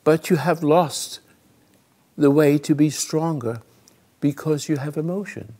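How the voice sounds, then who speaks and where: A man hosting a call-in radio show, telling a story dramatically and swinging between loud and hushed, halting and restarting mid-phrase. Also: a little high.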